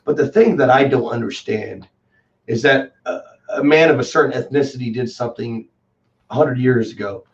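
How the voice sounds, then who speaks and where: A man in his twenties with a Texan accent, a guest talking in a rambling, excitable way and calling people dude and man. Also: mid-range voice, moderate pace. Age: 20s. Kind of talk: casual chat. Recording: distant, dull lo-fi call audio.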